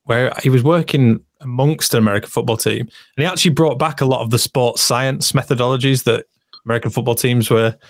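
Man, podcast co-host, chatty, mid pitch, dry close recording. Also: fast, no echo. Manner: chatty, reads out listener comments. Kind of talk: casual football podcast chat.

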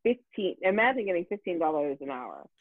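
Telling a story as a guest, a woman with a fairly low voice speaks a bit fast in loose, casual language. She's animated, swears often, and uses lots of fillers while restarting sentences, her voice swinging widely. The recording is dry, thin and tinny, like a phone call.

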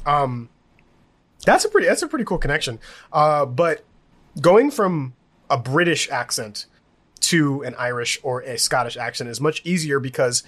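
A man co-hosting a casual TV recap podcast, rambling and animated, laughing often. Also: mid-range voice, normal speed. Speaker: podcast co-host.

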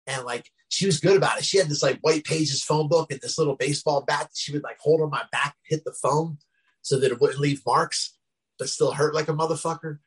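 Husky middle-aged New man. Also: on the high side, a bit bright, low-quality recording. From New Jersey, US. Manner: rambling, frequent "you know what I mean" fillers. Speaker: guest. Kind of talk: casual storytelling.

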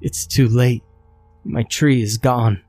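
A man's voice: medium pitch, steady tone, takes it slowly, darkish tone, no echo, faint music behind. A man voicing a tiny, frail female creature from another world, speaking in a shaky, weak voice.

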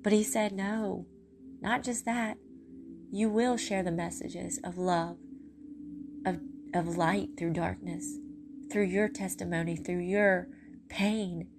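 A woman's voice: fairly low pitch, steady tone, noisy background. A tired woman giving an earnest, emotional personal testimony on a podcast. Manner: earnest, heartfelt, preachy, with pauses. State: tired, voice going.

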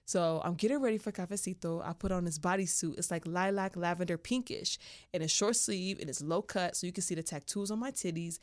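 A woman's voice: lowish voice, brisk, dry recording. Woman podcast host spilling a frank story, playful and slangy, dry close sound. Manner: candid and playful, heavy slang. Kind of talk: casual storytelling monologue.

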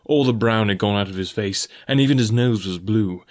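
A man reading an audiobook aloud in measured first-person narration. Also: fairly low pitch. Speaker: audiobook reader.

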